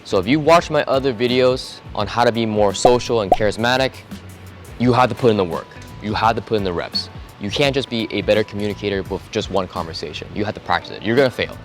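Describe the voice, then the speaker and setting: A young man talking straight to camera in a casual advice vlog, relaxed and conversational, acting out short example dialogues. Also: on the low side, fast talker, soft background music. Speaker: vlogger giving self-improvement tips.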